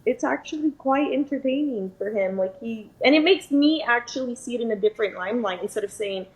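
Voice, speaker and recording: A young woman co-hosts a podcast in a chatty, casual way, peppering her speech with "like" and "you know." Her voice sits on the high side, expressive and brisk, though the audio quality is poor.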